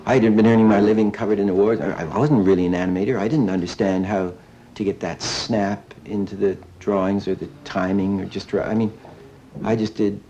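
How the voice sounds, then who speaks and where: A man reminiscing about his craft in a documentary interview, telling stories in a rambling way, circling back and restarting his sentences. His voice is fairly low and mellow, with a faint hiss of room noise behind it. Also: lo-fi sound. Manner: rambling and anecdotal, with many restarts. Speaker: animation director interviewed.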